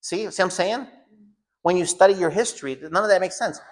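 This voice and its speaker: A man's voice: high voice, a little fast. A man giving an informal home school lecture, blunt and emphatic, often repeating phrases for stress.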